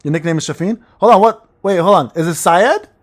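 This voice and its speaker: Reading chat as he streams a game, a man jokes crudely with viewers and rambles between plays. His voice sits high and moves a little fast.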